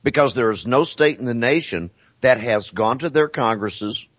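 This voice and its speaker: A man speaking as a talk show guest, explaining deliberately and repeating phrases for emphasis. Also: mid-range voice, expressive, no room sound.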